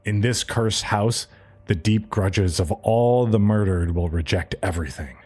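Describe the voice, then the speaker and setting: A man's voice: lowish voice, a little slow, darkish tone, breathy edge, pitched below the performer's own voice. A man doing a cocky teenage boy.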